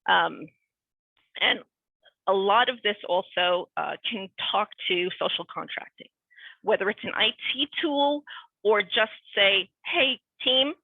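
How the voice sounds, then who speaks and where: An animated woman talks freely, running from one tangent to the next and slipping into quoted voices. The sound is thin and phone-like, and the room gives back no echo. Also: medium pitch, unhurried, gravelly. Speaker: guest speaker. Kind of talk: casual conversational talk. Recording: tinny phone-like line, dry.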